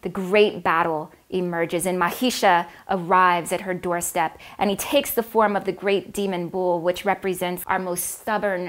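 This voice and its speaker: Expressive woman telling a myth. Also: mid-range voice. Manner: expressive, with dramatic emphasis. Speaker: storyteller. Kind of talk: oral myth storytelling.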